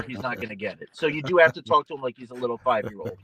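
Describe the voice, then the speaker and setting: A young man being interviewed as a boxer, trash-talking with boastful, mocking swings in pitch. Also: fast, few pauses, pushed and bright, slightly rough, dry recording. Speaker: guest boxer. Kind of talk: casual trash talk interview.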